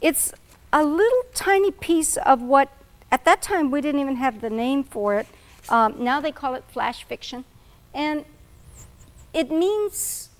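High-voiced lady author telling students about her writing, slow and deliberate. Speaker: author giving a talk to students. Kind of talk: lecture and dramatic reading. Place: San Antonio event.

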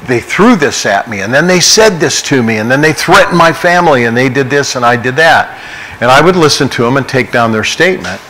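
A middle-aged man teaches scripture from the pulpit, earnest and conversational as he moves between verses and stories from his own life. His voice sits at an ordinary mid pitch, and a faint hiss of background noise runs under the church recording. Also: fairly bright tone, low-quality recording. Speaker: pastor. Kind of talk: Bible study teaching.

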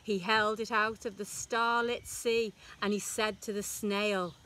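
Slow, sing-song woman reading a picture book. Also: mid-range voice. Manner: slow, sing-song and expressive, leaning into rhymes. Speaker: infant school teacher. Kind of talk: reading a picture book aloud to young children.

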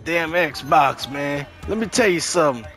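A man's voice: fairly high pitch, animated, measured pace, a bit bright, soft background music. A man putting on a voice as a cocky, older-sounding streetball trash talker, taunting and boasting profanely over game voice chat.

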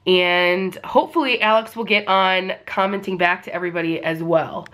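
A woman's voice: fairly low pitch, fairly even intonation, normal speed, a bit bright. A young woman with a nasal voice, chatting casually to camera at home in a rambling vlog. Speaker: vlogger. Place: at home, indoors.

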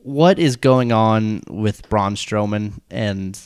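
A man's voice: on the low side, slow, clear, resonant tone, dry recording. A man hosting a wrestling podcast, steering the casual chat with dry remarks. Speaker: podcast host.

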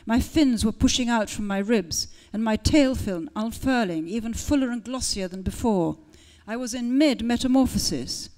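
A woman's voice: on the high side, normal speed, hardly any pauses. Woman author reading her story expressively. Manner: lively storytelling, shifting tone for characters.

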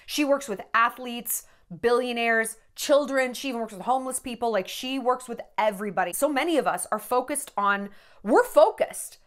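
A woman's voice: fairly high pitch, normal speed, fairly bright tone. A woman talking in a candid, rambling vlog monologue, profane and emotional, tearful at times. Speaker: celebrity gossip vlogger.

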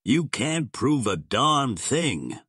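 A man's voice: sits low, very animated, moderate pace, a bit bright, slightly rough, dry recording, studio quality, exaggerated voice. A man voicing a greedy, nervous male diamond magnate who blusters when cornered. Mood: blustering.

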